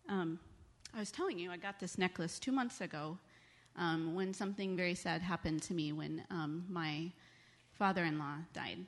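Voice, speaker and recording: A woman giving a children's message in church, speaking gently and coaxing the kids with questions. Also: on the low side, moderate pace, few pauses. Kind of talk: children's sermon. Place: church sanctuary. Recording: long church reverb.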